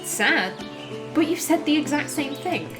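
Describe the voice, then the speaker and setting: A woman's voice: sits high, animated, measured pace, voice pushed up. Bitter older wise woman, scornful and brash, read by a woman, game music behind. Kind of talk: voiced game reading.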